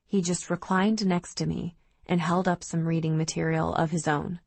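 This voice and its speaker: A woman reads a novel aloud in the first person, with steady, even storytelling. Her voice sits on the lower side, and the recording is dry and close, with no room around it. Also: moderate pace, dry recording. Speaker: audiobook narrator. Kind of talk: first-person audiobook narration.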